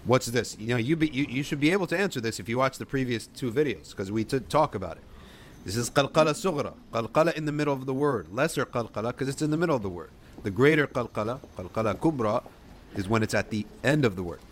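A man teaching recitation in a middle-pitched voice, with faint noise behind him. He models each sound slowly, then repeats it. He asks a question and answers it himself in a patient, steady manner. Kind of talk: tajweed lesson, explaining and modeling recitation.

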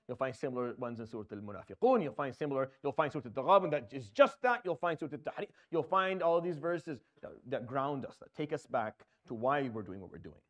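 A man giving an earnest religious talk, with repetitions and rhetorical questions. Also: a little high. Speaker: Islamic preacher.

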